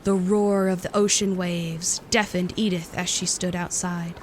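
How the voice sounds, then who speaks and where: Woman calmly narrating a storybook. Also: lowish voice, unhurried, slight background noise.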